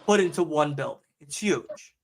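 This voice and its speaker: A man's voice: on the high side, lively intonation, normal speed, vocal fry, slight background noise. A man on a podcast telling a long work story in a casual, profane and exasperated rant. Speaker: podcast co-host.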